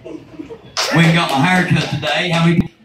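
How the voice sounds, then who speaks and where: Brash stand-up comic with a rural Southern accent, crude and self-mocking, voice a bit high, recorded from afar in a reverberant room. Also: male voice, little pitch movement, moderate pace. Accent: rural Southern American. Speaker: stand-up comedian. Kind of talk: stand-up set. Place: comedy club stage. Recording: echoey, noisy room from far off.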